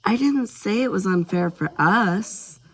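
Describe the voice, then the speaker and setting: A man's voice: high voice, animated, measured pace, creaky, pitched above the performer's own voice, exaggerated voice, poor audio. A man voicing a confident, witty girl with a teasing, smug way of talking.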